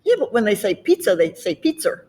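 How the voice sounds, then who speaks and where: Lively laughing Southern woman chatting. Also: mid-range voice, fast talker. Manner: laughing, animated storytelling. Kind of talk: casual chat.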